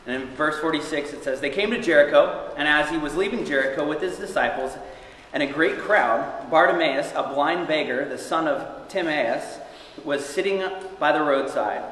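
A young man gives an earnest sermon. His voice rings through a very echoey hall with a long reverb tail, and faint room noise sits under it. He moves between steady teaching and loud, raised cries as he acts out the scripture. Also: a little high, normal speed. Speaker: preacher.

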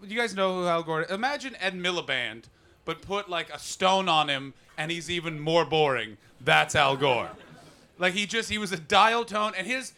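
Bright-voiced male stand-up comic. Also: sits high, expressive, normal speed, creaky. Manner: riffing, swinging into loud mocking voices for characters. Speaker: stand-up comedian. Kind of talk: improvised stand-up set with crowd work. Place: comedy club stage before a live audience.

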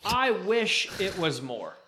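Animated, bright-voiced man chatting. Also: sits high, slow, a little hiss or hum. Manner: animated, jokey, rambling. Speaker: podcast co-host. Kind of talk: casual chat.

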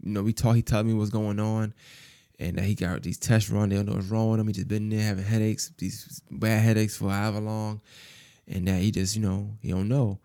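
A man's voice: fairly low pitch, flat delivery, brisk, mellow, no room sound, studio quality. A man hosting a podcast, telling a personal story in a casual, rambling way, full of fillers and repeated phrases. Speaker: podcast host.

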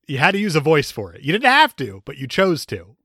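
A man's voice: fairly high pitch, huge pitch swings, fairly quick, sharp tone, breathy edge, no room sound, clean studio sound. A man co-hosting a casual podcast, joking with crude banter and laughing a lot. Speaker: podcast co-host.

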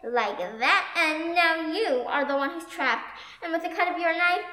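A woman voicing a spirited young princess escaping a tower, talking in an animated, excitable way. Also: very high-pitched, unhurried, heavily acted. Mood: excited. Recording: echoey room.

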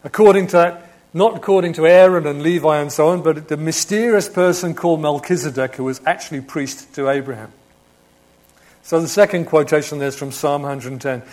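Male preacher delivering a sermon; slightly raised pitch, alternates loud emphasis with quiet, intimate asides. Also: a little fast. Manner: swings from emphatic proclamation to hushed, quiet reflection; asks rhetorical questions of the congregation.

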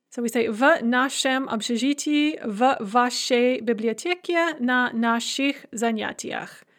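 Woman explaining grammar, kinda high voice, reads out russian examples slow and careful. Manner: explains clearly, switching between English and careful Russian examples. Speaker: language teacher. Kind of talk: grammar lesson.

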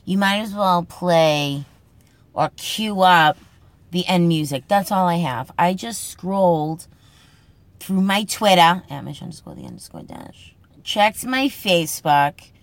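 A woman with a thick Boston accent does a loose comedic monologue as a podcast host, talking in an unhurried, drawn-out way. Her voice sits fairly low, and the sound is dry with no room echo. She is brash, swears freely and plays the tough talker for laughs. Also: lively intonation.

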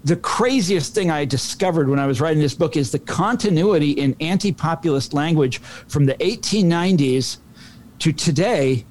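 A male author guest explains his ideas at length, often stumbling and restarting words. His voice sits a little higher than most men's. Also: moderate pace, a little mellow. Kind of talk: interview answer.

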